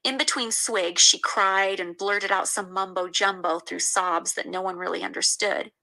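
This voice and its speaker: A woman's voice: medium pitch, steady tone, moderate pace, gravelly, pushed and bright, low-quality recording. A woman reading a first-person memoir aloud in an indignant storytelling manner. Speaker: memoir reader.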